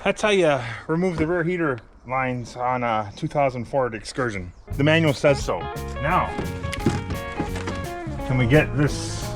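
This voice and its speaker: Male DIY vlogger, mid-pitched, self-deprecating, commentary while working outdoors in wind. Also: lively intonation, measured pace, over music. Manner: wry, self-mocking, mutters while working. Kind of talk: casual running commentary while wrenching.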